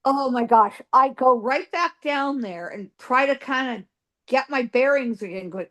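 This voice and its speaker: A woman's voice: a little high, a little slow, fairly bright tone. A woman guest psychic telling a ghost story in a dramatic way, acting out voices and sounds and often saying "you know".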